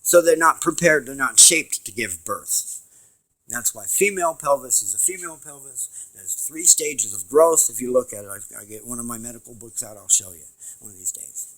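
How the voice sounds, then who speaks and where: A man giving a rambling home video lecture, emphatic and swinging from loud to quiet. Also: medium pitch, lively intonation, normal speed, poor audio.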